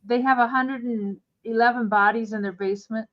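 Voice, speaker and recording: Woman host, live sale chat, rambling, fairly high voice, dull lo-fi sound. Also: steady tone, brisk. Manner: rambling, chatty, laughing asides. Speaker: host selling vintage items.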